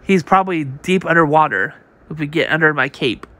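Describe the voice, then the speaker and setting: A man's voice: a little high, fairly quick, pushed and bright. A man reading a comic aloud on his channel. His reading is casual and unpolished, with frequent restarts and read-out sound effects.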